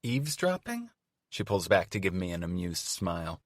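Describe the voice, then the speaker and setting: Deep-voiced male audiobook narrator. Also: little pitch movement, brisk, dry recording, studio quality. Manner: wry, conversational storytelling. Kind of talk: first-person romance audiobook narration. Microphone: studio microphone.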